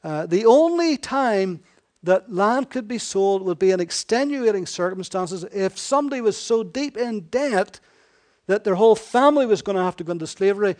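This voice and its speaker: High-voiced man preaching. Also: expressive, normal speed, a little mellow. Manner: conversational, corrects himself, paraphrases scripture in dialogue. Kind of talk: sermon.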